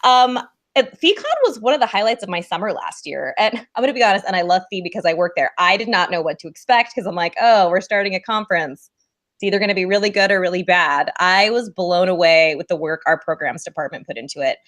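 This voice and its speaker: A woman's voice: fairly low pitch, fast, a bit bright. A young woman, a podcast guest, talking in a bubbly way and laughing often. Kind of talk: casual chat.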